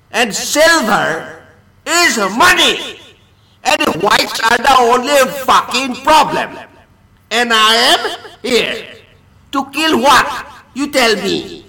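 Male caller, very high bright voice, slow repetitive threatening rant. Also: rough recording. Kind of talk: recorded phone rant.

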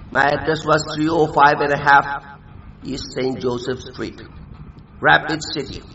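Ranting man, gravelly and sharp. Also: slight background noise. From India. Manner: shouting, threatening, erratic pitch jumps. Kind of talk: angry rant. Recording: dull lo-fi recording.

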